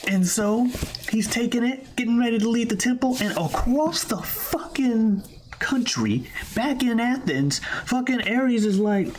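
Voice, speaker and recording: A podcast host casually recapping a video game plot in an animated, profane storytelling style. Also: male voice, very high voice, measured pace, slight background noise.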